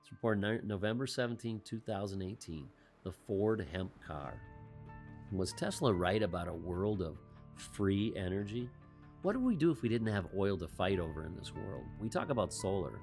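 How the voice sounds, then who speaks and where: Male host, lowish voice, commentary monologue full of rhetorical questions and dry quips. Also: animated, moderate pace, darkish tone, faint music behind. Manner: rhetorical questions with wry asides.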